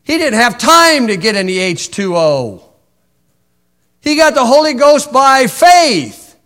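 A man's voice: very high voice, very animated, takes it slowly, bright, forceful tone. A man preaching a sermon in a folksy, wry way, reciting old-style scripture and poking fun at opponents.

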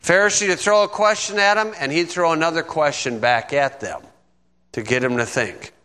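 A man preaching a plain-spoken Bible lesson, talking to his listeners as if chatting and checking in with them often. His voice sits a little high and comes through bright and forceful. It rings out with a long hall echo around it. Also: moderate pace, clean tone. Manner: conversational, folksy, asks "okay?" often. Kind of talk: bible teaching sermon.

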